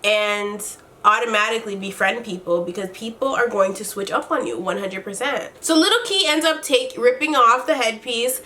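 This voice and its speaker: A woman's voice: fairly high pitch, normal speed, hardly any pauses, a little hiss or hum. Exasperated woman ranting in a recap vlog. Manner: blunt and exasperated, swears freely; animated retelling with quoted dialogue. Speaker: reality TV recap vlogger. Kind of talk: casual commentary recap.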